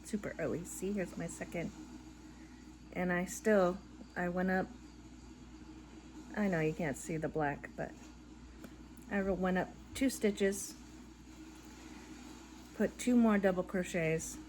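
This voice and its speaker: A middle-aged woman crocheting and chatting casually at home, rambling and tired, yawning between soft laughs. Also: lowish voice, takes it slowly, pauses often, slight background noise. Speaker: crochet vlogger. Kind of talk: casual chat while crocheting. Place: living room at home. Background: faint background audio playing.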